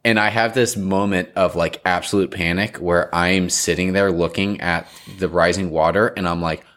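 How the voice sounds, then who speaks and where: A young man casually telling an embarrassing story, animated and rambling with lots of fillers. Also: low-pitched, normal speed.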